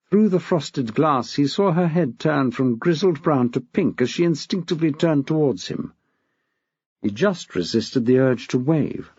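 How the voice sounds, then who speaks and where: A man's voice: medium pitch, expressive, moderate pace, darkish tone, slightly rough, no echo. A man reading a novel aloud as narrator in a wry, dry storytelling manner, in a dull, dry recording. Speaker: audiobook narrator. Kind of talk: scripted narration.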